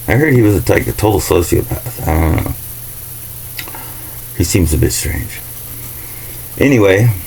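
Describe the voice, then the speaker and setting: A man's voice: deep voice, darkish tone, rough recording. A man ranting in a casual, profane and sarcastic monologue vlog. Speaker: vlogger.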